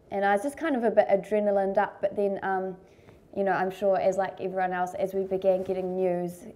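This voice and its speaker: Mellow, flat New Zealand woman. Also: fairly low pitch. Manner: candid, quietly shaken. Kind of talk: recalled interview testimony.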